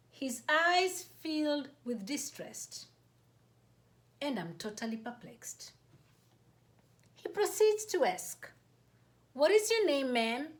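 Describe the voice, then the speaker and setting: A woman host reading her own personal story aloud, in a measured, deliberate way. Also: high-pitched, a bit bright.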